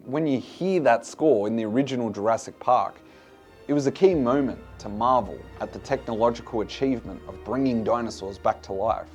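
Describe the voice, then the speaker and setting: A man's voice: mid-range voice, darkish tone. Blunt, swearing male film reviewer. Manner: blunt, exasperated, swears freely.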